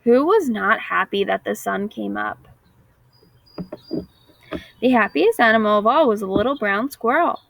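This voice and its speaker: Woman telling a bedtime animal story, slow gentle read, dry sound. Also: mid-range voice, animated, vocal fry, no room sound, rough recording. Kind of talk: storybook reading.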